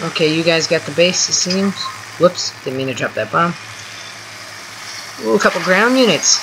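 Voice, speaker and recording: A gameplay host giving casual, excitable running commentary from home while chatting with a teammate. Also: mid-range voice, moderate pace, noisy background. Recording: game music clearly heard underneath. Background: music from the game.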